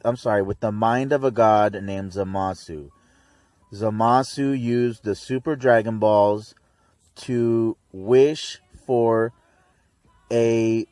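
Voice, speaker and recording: A man's voice: mid-range voice, darkish tone, dry recording. A young man hosting a casual fan theory video, rambling with slang and restarts. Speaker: YouTube theory host.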